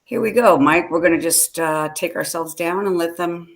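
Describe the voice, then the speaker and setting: A woman's voice: fairly low pitch, normal speed. A woman co-hosting a casual live-stream chat, chatty and laughing, greeting viewers by name. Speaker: podcast co-host.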